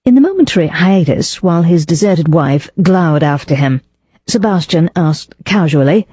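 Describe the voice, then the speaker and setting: A woman narrating a cozy mystery audiobook in measured storytelling. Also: fairly low pitch, lively intonation, warm tone, slightly rough, no room sound, highs cut off. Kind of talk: scripted narration.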